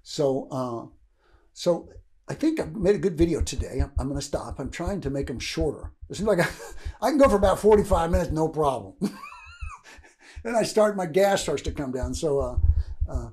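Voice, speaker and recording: A man's voice: on the high side, lively intonation, normal speed, a little mellow. A man in his sixties from Kentucky giving a rambling, casual motivational talk, often asking "right?" and chuckling. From Louisville, Kentucky, USA. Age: 60s. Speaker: motivational speaker.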